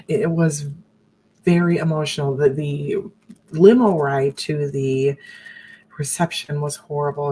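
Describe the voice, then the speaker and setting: Low-voiced woman telling her story haltingly. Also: steady tone, darkish tone, a little hiss or hum, low-quality recording. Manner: halting, earnest, often restarting and acting out quoted voices. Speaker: abuse survivor sharing her story. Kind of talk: personal storytelling broadcast.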